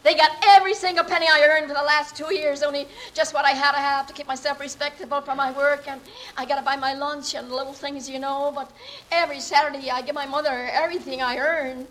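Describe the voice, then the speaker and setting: A woman's voice: sits high, level tone, quick pace, fairly bright tone, poor audio. A woman acting an earnest young working-class woman who politely pleads her case to a judge in a dramatic monologue. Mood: pleading.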